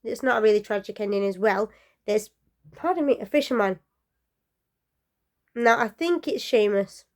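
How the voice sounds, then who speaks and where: Speaking at a moderate pace with long pauses, a female storyteller recounts folklore in a medium-pitched voice. Her telling is casual, chatty and meandering, with fillers and asides, frequently softening to almost a whisper.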